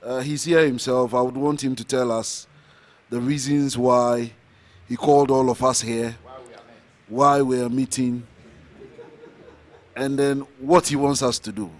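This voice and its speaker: A man serving as emcee introduces the next speaker to the room. He speaks at an average pitch and hesitates, with fillers scattered through his words. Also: steady tone, unhurried, pauses often. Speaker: event emcee.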